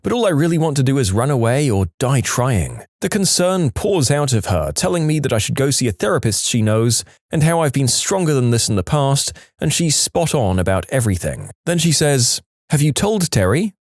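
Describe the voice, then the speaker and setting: Expressive male story narrator. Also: medium pitch, moderate pace, hardly any pauses, no room sound, clean studio sound. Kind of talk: scripted narration of reddit stories.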